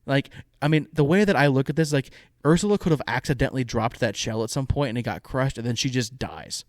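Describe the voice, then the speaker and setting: Here a man co-hosting a podcast chats casually and briskly, his pitch ordinary. Retelling a story, he drops in lively quoted asides. The recording is dry and close, with no sense of a room.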